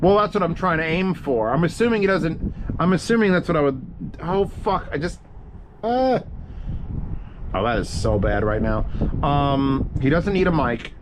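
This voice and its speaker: A man's voice: a little high, expressive, normal speed, noisy background. A man casually chatting on a livestream, answering audio gear questions in a rambling, profane way. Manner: profane, rambling, thinking aloud.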